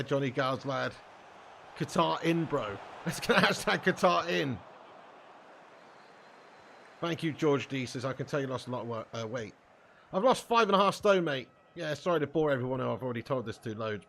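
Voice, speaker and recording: A man's voice: mid-range voice, vocal fry, fairly bright tone, a little hiss or hum. A man live-streaming a football game, bantering casually with his chat, reading out comments and swearing freely.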